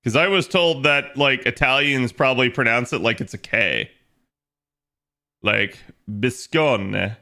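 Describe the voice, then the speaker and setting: A man's voice: medium pitch, measured pace, pauses often, sharp tone. A man chatting casually on a livestream, rambling with lots of fillers and frequent laughter. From United States. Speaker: streamer.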